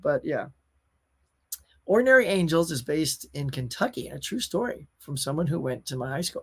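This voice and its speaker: A man in his thirties or forties hosts a live stream in a loose, chatty way, talking straight to his viewers and calling them y'all. His voice sits a little above the usual male pitch. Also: big pitch swings, moderate pace, a bit bright, breathy edge. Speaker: host. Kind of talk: casual live-stream chat, reading viewer comments.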